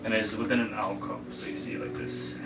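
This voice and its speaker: A man's voice: fairly low pitch, flat delivery, fast, echoey room, over loud music. A man narrating as dungeon master at a game table, loose and rambling, with lots of ums and casual swearing. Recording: distant mic with clear background noise.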